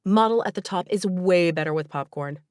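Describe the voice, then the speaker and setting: A woman's voice: lowish voice, fairly quick, a little mellow, clear, resonant tone, no room sound, lightly acted. Young adult romance heroine, emphatic teen girl, voiced by a woman; close, dry studio sound. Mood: eager. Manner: enthusiastic, emphatic. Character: teenage girl, eager and bossy friend.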